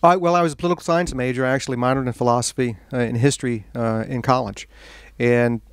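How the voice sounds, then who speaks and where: A man giving an author talk at a bookstore, telling a lively anecdote to an audience and laughing along with it. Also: medium pitch, fast talker, clear, resonant tone, no room sound. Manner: animated anecdote-telling, laughing at his own story. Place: bookstore event room.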